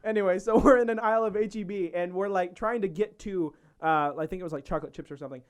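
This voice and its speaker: A young man with a high-pitched voice chats casually on a podcast. He tells his story in a loose, rambling way and laughs often. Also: quick pace, clean tone. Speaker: podcast co-host. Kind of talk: casual chat.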